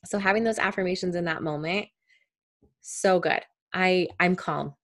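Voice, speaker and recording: Enthusiastic woman host, chatty and affirming, slightly low pitch. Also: normal speed. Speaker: podcast host. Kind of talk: podcast interview.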